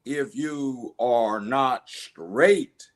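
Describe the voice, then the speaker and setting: A man's voice: mid-range voice, extremely slow. A man in his seventies from Los Angeles, speaking as a guest in a conversational interview, emphatic and given to acting out voices in his stories. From Los Angeles, United States. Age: 70s. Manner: emphatic storyteller who acts out voices.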